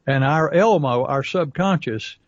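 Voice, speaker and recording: Man, folksy storyteller, slightly high voice, dry muffled sound. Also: a little slow, no echo. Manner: folksy storytelling with acted asides. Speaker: podcast co-host and business coach. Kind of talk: casual podcast talk.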